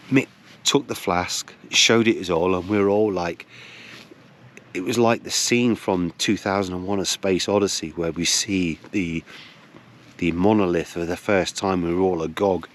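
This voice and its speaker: Older man, very low voice, wry dramatic storyteller, casual anecdote. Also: fairly even intonation, moderate pace, a little hiss or hum.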